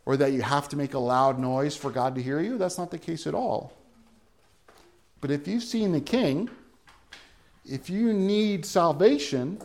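Male pastor, sermon, earnest, emphatic peaks, slightly higher voice. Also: a little mellow.

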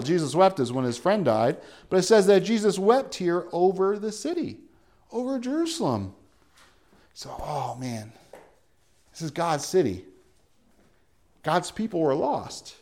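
A man's voice: fairly high pitch, big pitch swings, moderate pace, long pauses, a little mellow. A male pastor preaching a sermon in an earnest way, building to emphatic peaks.

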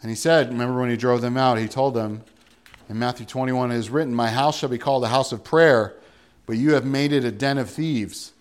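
A man preaching a sermon in a relaxed, conversational way, asking his listeners questions and acting out little everyday scenes. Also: mid-range voice, fairly quick. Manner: chatty, rhetorical questions, acts out everyday scenes. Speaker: pastor.

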